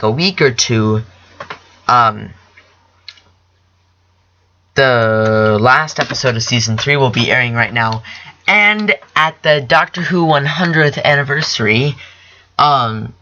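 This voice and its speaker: A young man hosting his own podcast, chatting about TV shows in a rambling, excitable way and correcting himself often. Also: medium pitch, highs cut off. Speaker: podcast host. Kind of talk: casual solo chat about TV shows.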